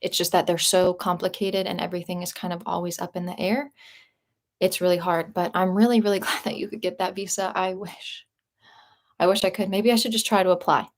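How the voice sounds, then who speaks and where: A woman's voice: lowish voice, level tone, a little fast. A young woman vlogger chatting casually with her live viewers, upbeat and full of fillers and restarts, her throat a little sore. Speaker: vlogger answering live chat. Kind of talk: casual live-stream chat.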